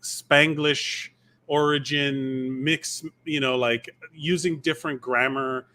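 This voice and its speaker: Bright-voiced rambling man. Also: mid-range voice, steady tone, slow pace. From Miami, USA. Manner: rambling, lots of fillers and restarts. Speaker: podcast co-host. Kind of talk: casual chat.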